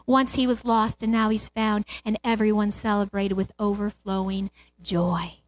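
A woman's voice: medium pitch, flat delivery, moderate pace, a little hiss or hum. A middle-aged woman preaching a sermon, retelling a parable with impassioned swells and cries of praise.

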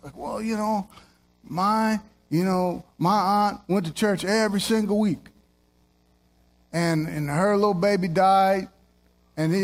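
High-voiced man preaching a sermon. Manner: animated, jokey, jumps into playful voices; repeats lines for emphasis.

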